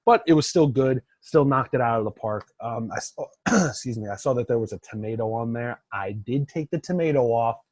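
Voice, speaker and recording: A young man co-hosts a podcast in loose, casual chat and rambles through fillers and "like"s. His voice is husky and mid-pitched. It sits close and dry on the mic. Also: animated, brisk, no echo. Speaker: podcast co-host.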